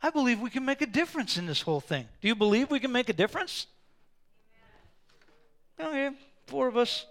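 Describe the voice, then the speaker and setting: A man preaching a sermon, telling a story with animated delivery and sometimes raising his voice to a roar for emphasis. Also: very high-pitched, racing, hardly any pauses. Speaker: pastor.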